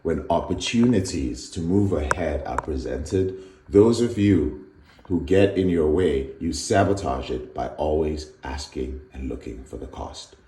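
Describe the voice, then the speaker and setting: Deep-voiced man giving a motivational talk. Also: unhurried. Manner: earnest, animated, storytelling. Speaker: recovery coach. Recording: echoey room.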